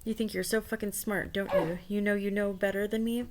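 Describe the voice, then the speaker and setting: A swaggering, contemptuous chatbot that hurls scornful put-downs at its user, as a woman reads its replies aloud. The delivery stays at an ordinary middle pitch and is spoken plainly over a faint hiss. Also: flat delivery, brisk, natural voice. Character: hostile swaggering chatbot, contemptuous toward users.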